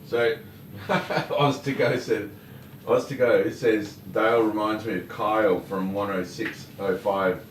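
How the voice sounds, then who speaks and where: A man's voice: on the low side, fairly even intonation, slow pace. A man co-hosting a casual livestream, greeting viewers by name and teasing his co-host. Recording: echoey room, mic far off, faint noise.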